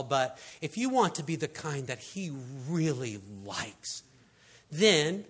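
Animated preacher, slightly high voice. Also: male voice. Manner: animated storyteller, frequent fillers like "I mean" and "you know". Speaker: pastor. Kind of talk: conversational sermon.

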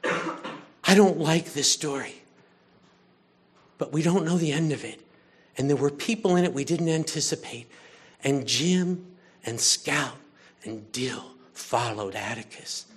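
Older man preaching, higher-pitched voice. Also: slow pace, long pauses, husky. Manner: animated, chatty, shifts between loud and hushed. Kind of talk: conversational sermon with storytelling.

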